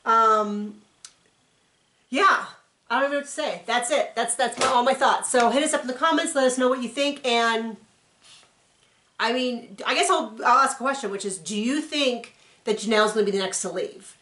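Woman recapping a tv show, kinda sarcastic, slightly high voice, roomy echo. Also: normal speed, sharp tone. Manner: chatty and sarcastic, with playful asides. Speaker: TV recap reviewer. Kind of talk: casual reaction recap.

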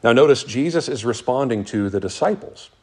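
Male pastor, sermon, earnest delivery, dramatic pauses, lively rising and falling pitch. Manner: earnest, reads scripture aloud with dramatic pauses.

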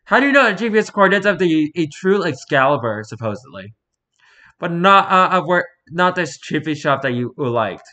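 A man reading out online posts in casual reaction commentary, dropping mocking, sarcastic asides between them. His voice has a bright, forward tone, and he talks like a streamer chatting to viewers. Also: fairly high pitch, very animated, moderate pace. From Pacific Northwest.

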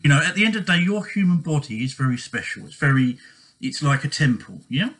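A man's voice: fairly high pitch, quick pace, a bit bright, low-quality recording. A man giving relationship advice in a casual monologue, earnest and repetitive, often checking in with "okay?".

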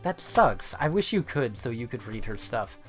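A man's voice: medium pitch, sing-song, moderate pace, soft background music. A man streaming a game, casually joking and reading its dialogue aloud with frequent laughter.

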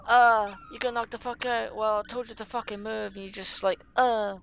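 A man playing a video game and commenting casually, swearing often and shouting at the characters on screen when they mess up. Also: sits high, fairly even intonation, moderate pace, gravelly, slight background noise. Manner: swears a lot, yells at the game. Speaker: let's play gamer.

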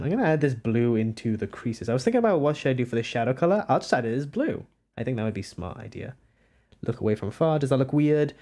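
A young adult streamer talks casually to live chat while drawing, at a middling pitch. The talk rambles, with frequent giggles and quick asides to viewers. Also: darkish tone. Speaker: livestreamer.

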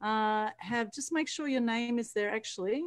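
A woman hosting an online meetup over a video call, bubbly and quick to laugh and praise. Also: on the high side. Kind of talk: casual group video call chat.

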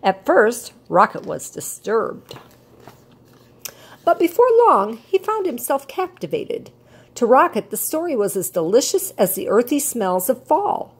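An older woman reading a children's picture book aloud as a storyteller, with an expressive cadence. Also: on the high side, slightly rough.

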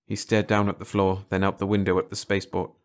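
A man narrating a science fiction short story in a measured, steady storytelling voice. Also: deep voice. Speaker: audiobook narrator. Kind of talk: scripted narration.

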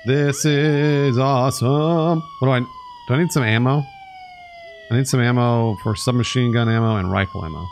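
Ranting male game streamer, lively pitch. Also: fairly quick. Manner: exasperated, sarcastic ranting. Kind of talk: live gameplay commentary. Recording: game noise and sirens behind voice.

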